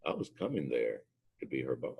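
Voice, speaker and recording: A man's voice: very deep voice, sing-song, brisk, slightly rough, highs cut off. A man, a former drill instructor, giving an anecdotal motivational talk, telling emphatic stories and acting out what people said. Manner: emphatic storyteller, acts out quotes.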